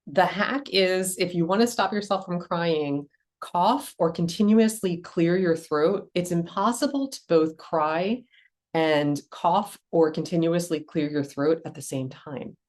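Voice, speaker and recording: A middle-aged woman hosting a podcast, chatting casually and enthusiastically with frequent ums. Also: deep voice. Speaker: podcast host.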